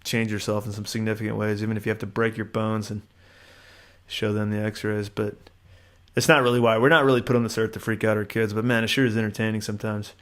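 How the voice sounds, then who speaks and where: A middle-aged man spins stories in casual podcast chat, jumping in and out of voices for the people in them. He talks with easy, swearing looseness and a lively, storytelling energy. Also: lowish voice, fast talker. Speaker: podcast co-host.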